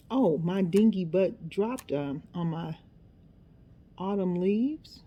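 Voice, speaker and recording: A woman's voice: fairly low pitch, warm tone. A middle-aged woman chatting casually as she works on a craft project, rambling and poking fun at herself as she goes. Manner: chatty, self-deprecating, talks to herself while working. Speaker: craft vlogger.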